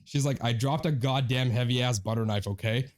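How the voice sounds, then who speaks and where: A man's voice: medium pitch, brisk. A young man co-hosting a podcast, casually retelling a story, acting out his friends' lines and swearing often. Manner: animated storyteller, quotes friends in their voices, swears a lot. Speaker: podcast co-host.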